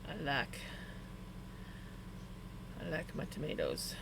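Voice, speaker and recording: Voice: mid-range voice, big pitch swings, slow pace, gravelly, background noise. A live streamer chatting casually with viewers, telling rambling personal stories full of "like" fillers and stating preferences emphatically. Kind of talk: casual chat to a live audience.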